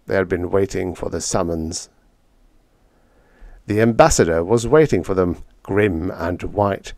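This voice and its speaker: A man narrating a vintage short story audiobook in an expressive reading. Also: sits low, unhurried, dry recording, clean studio sound. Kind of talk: scripted narration.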